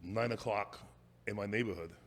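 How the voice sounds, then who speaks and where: The guest is a Jamaican man in his forties whose accent colors his halting, restarting speech as he tells stories of his youth during a casual interview. His pitch sits fairly low, and the audio has a big-room sound.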